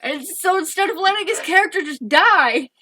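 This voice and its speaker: Casting: bright, high-voiced young woman, giggly and animated, casual podcast co-host. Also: normal speed. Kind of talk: casual chat, storytelling.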